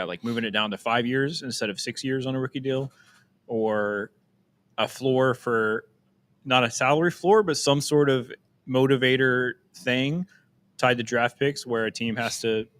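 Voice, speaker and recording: A man's voice: medium pitch, steady tone, normal speed, fairly bright tone. A young man co-hosting a casual live stream, talking animatedly, laughing often and trailing off into restarts. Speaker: co-host.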